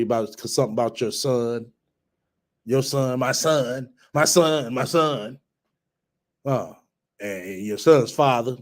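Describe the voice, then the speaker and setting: A man's voice: lowish voice, darkish tone. Mocking, profane man heckling a clip. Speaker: commentary host reacting to a clip. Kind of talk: profane reaction commentary.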